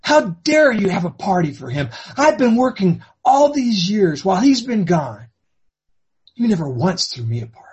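A man voicing a resentful older brother in a husky voice, making an accusing outburst. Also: sits high, big pitch swings, normal speed, a little mellow, muffled recording, voice pushed up, exaggerated voice. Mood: indignant.

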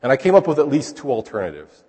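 A man preaching in a relaxed, conversational way, often putting rhetorical questions to his listeners. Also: mid-range voice, quick pace, slightly rough. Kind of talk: conversational sermon. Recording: long hall reverb.

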